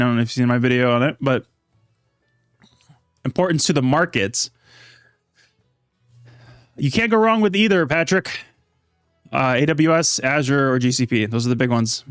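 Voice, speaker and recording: A man casually chatting on a live stream, reading chat aloud and answering questions in a relaxed, rambling way. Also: a little high, smooth, no echo, clean studio sound. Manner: laid-back, reads chat aloud, rambling asides. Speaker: livestream host.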